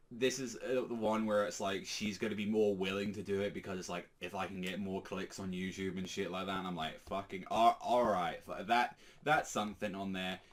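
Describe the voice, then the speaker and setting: Guy rambling about a manga chapter, swears a lot, kinda low voice. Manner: rambling, filler-heavy, profane. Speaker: manga reaction youtuber. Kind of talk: casual chat.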